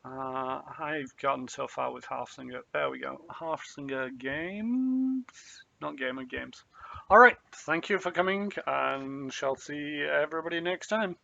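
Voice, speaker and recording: A man's voice: a little high, measured pace, gravelly, bright, forceful tone, dull audio. A young man streaming a video game, rambling in loose commentary full of ums and uhs.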